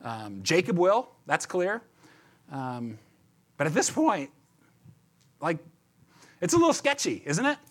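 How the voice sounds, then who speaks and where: A man's voice: fairly high pitch, huge pitch swings, takes it slowly, pauses often. A man giving a chatty, conversational sermon as a pastor, often repeating words and checking in with "right?".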